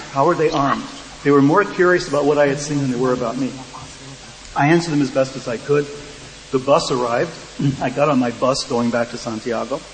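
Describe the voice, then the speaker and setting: A man on a discussion panel, telling a dry, wry story with quoted dialogue to an audience. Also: mid-range voice. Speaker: panel speaker. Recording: echoey hall, faint hum.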